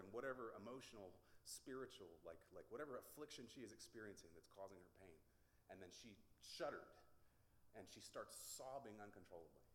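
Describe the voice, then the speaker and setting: A man's voice: fairly low pitch, reverberant, slight background noise. A man giving a sermon testimony, telling stories and acting out the voices in them. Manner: animated storytelling, acts out quotes.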